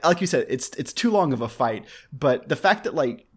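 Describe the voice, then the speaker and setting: Young man, podcast co-host, mid-pitched voice, wry, laughs easily, halting restarts. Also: animated, breathy edge. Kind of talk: casual chat about an anime.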